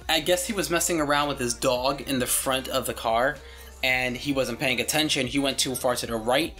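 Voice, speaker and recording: A man's voice: on the high side, pushed and bright. A young man hosting his channel and telling a story in a casual, rambling way, full of fillers and casual swearing.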